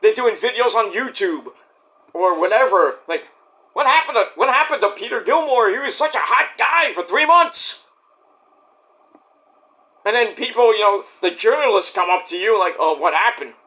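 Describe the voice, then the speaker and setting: Male vlogger, high bright voice, rambling and profane, slips into acted-out quotes. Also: lively intonation, moderate pace. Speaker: wrestling commentary vlogger. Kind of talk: casual rant.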